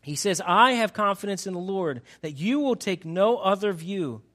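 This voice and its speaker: A man preaching a sermon to his congregation, animated and emphatic, teasing the crowd and acting out quotes. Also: sits high, moderate pace. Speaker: pastor.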